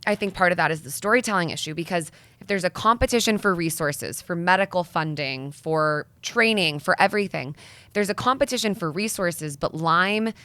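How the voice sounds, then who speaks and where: Young woman, interview guest, earnest, persuasive, slightly low voice, dry close recording. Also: a little fast, a bit bright, no room sound. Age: young adult. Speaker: guest, nonprofit founder. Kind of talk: sit-down interview conversation.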